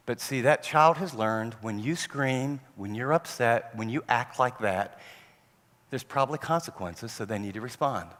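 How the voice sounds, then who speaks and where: A man preaching a sermon on parenting, telling stories and acting out parents and children in an animated way. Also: mid-range voice, moderate pace. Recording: long hall reverb.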